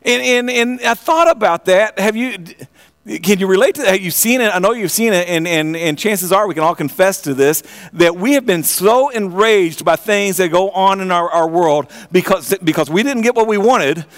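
A man with a high voice delivers a sermon as a preacher. He tells the story with animation, often stumbling and repeating the start of his phrases. He keeps turning to ask his listeners direct questions. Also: lively intonation, moderate pace, a bit bright. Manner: asks the audience direct questions.

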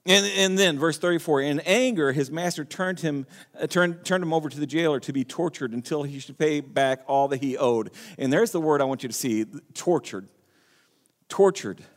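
High-voiced male preacher in a reverberant hall. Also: a little fast. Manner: earnest preaching, frequent restarts, reading scripture aloud. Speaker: pastor. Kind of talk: sermon.

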